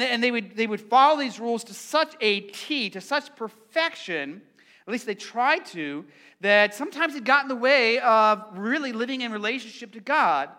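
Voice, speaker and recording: A man's voice: sits high, sharp tone. A man preaching a sermon in a conversational way, often repeating words and drawing the congregation in. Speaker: pastor.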